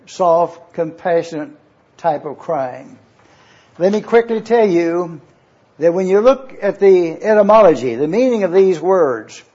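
Male preacher with a high, warm voice, repeats points and spells words out; muffled lo-fi sermon recording. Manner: deliberate, spells out Greek words letter by letter; repeats points for emphasis, urges listeners to take notes. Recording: dull lo-fi recording.

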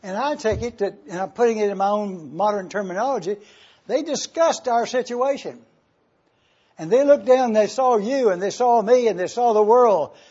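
Husky guy preaching, pretty high voice, gets loud then goes real quiet. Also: normal speed, highs cut off. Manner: emphatic preaching, swells loud on key phrases, drops soft and low. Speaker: pastor. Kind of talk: sermon.

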